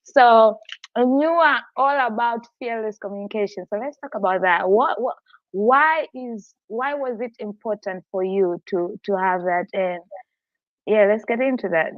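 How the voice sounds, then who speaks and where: A woman podcast host in casual chat, chatty and animated, laughing easily. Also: a little high, a little slow, no echo. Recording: slightly dull, muffled sound.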